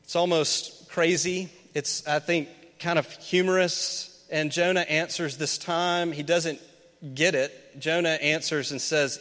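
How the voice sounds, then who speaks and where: A man from Memphis with a somewhat high, bright, forceful voice preaches a chatty sermon. He keeps asking the congregation questions, and his words ring out with a long reverb across a big church hall. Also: steady tone, unhurried. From Memphis, USA. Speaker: pastor. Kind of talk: conversational sermon.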